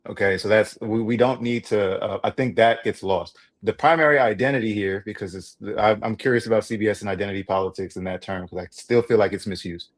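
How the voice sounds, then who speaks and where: A man's voice: lowish voice, fairly even intonation, brisk, few pauses. A man hosting a political talk show, breaking down arguments analytically and steering the discussion.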